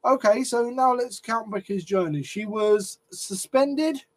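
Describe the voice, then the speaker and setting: Unhurried and high-voiced, a man who runs a wrestling commentary channel delivers a sweary rant about wrestling. When annoyed he gets flustered and repeats his words.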